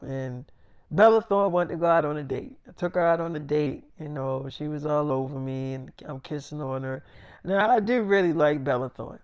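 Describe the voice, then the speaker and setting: A young man with a high, smooth voice spins a loose, improvised story, swearing freely and padding it with fillers. He sounds close and dry, with no room around him. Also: darkish tone, dry recording. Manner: casual, profane, rambling with many fillers.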